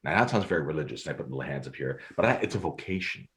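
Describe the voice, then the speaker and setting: A man's voice: rumbling low, racing. A man, a podcast guest telling stories in a theatrical way and laughing often. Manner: lively, theatrical, laughs often, acts out scenes. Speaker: guest, storyteller and photographer. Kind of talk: animated storytelling.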